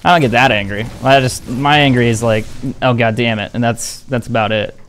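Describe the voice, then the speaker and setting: A man's voice: mid-range voice, a little fast, a bit bright, a little hiss or hum. A young man streaming a game, talking casually to his viewers in a blunt, defensive, profane way. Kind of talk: casual live-stream chat.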